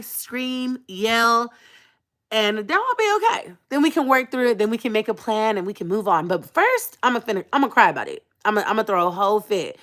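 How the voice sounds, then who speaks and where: A woman vlogger telling a personal story to her live viewers, dramatic and animated, punctuating lines with an emphatic "okay?" and calling them sis. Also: mid-range voice. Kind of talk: emotional personal storytime chat.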